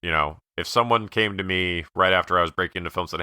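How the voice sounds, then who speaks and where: A man co-hosting a podcast, musing about a movie in a measured way with lots of fillers. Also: low-pitched, bright, forceful tone, smooth, no room sound, studio quality. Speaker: podcast co-host. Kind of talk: casual movie review chat.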